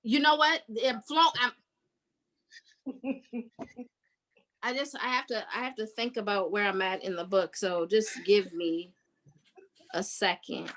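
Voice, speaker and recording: A woman's voice: medium pitch, fairly even intonation, slow pace, long pauses, a bit bright, low-quality recording. A woman podcast host recapping a book in casual chat, telling the story with energy and acting out the characters' lines.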